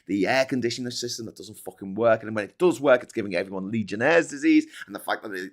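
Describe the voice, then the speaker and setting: A man hosting a show, ranting in casual, heavily sweary commentary. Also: medium pitch. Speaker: host.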